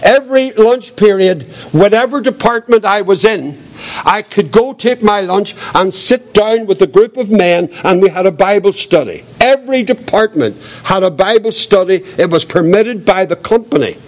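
An older man giving his testimony as a preacher, earnest and reflective, with a quiet voice. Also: sits high, expressive, moderate pace. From Northern Ireland. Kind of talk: testimony sermon.

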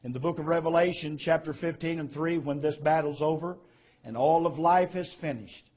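A male preacher delivers a sermon in a fairly high voice. He builds to emphatic, louder peaks, then drops back to soft, conversational asides. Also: moderate pace. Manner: preaching with rising, emphatic swells and quieter asides.

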